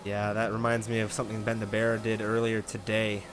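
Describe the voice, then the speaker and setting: A man commentating a sim-racing league race, building to near-yelling in close battles. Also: lowish voice, completely flat delivery, fairly quick. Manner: rises to loud half-yelling in battles. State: catching his breath.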